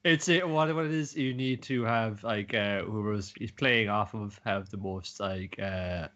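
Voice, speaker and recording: A man co-hosting a casual anime podcast, breaking into loud shrieking impressions as he talks. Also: fairly low pitch, measured pace. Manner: lively, bursts into shrieking impressions. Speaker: podcast co-host. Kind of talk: casual chat about anime. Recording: muffled, lo-fi audio.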